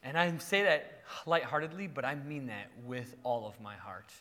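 A man's voice: medium pitch, normal speed, in a large hall. A male pastor preaching, telling playful stories with frequent laughter. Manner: animated, playful storytelling. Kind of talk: sermon.

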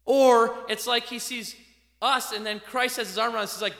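A man preaching a sermon, a father, animated, swinging from loud emphasis to quiet asides. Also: extremely high pitch, normal speed, gravelly. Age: adult parent. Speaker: pastor. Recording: echoey hall.

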